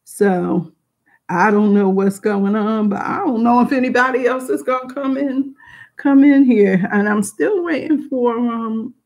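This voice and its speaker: A woman's voice: on the high side, unhurried. Frank, rambling middle-aged woman. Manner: rambling, with frequent restarts and asides; frank and emotional. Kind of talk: candid personal storytelling.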